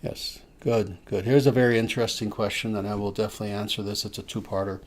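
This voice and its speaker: A man speaking as a spiritual teacher, answering listeners' questions in a slow, emphatic way with soft filler sounds. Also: on the low side, fairly even intonation.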